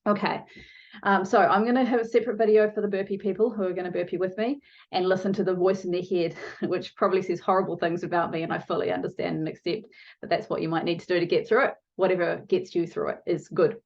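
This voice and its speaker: A woman's voice: on the low side, steady tone, fast, gravelly, a little mellow, dull audio. A woman coaching viewers in a motivational video lesson, talking to them directly and shifting her pace for emphasis. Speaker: online challenge coach.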